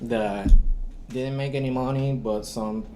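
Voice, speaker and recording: A man's voice: mid-range voice, unhurried, heavy background noise. A man in a casual podcast chat, talking loosely with many fillers. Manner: relaxed, rambling, with many fillers.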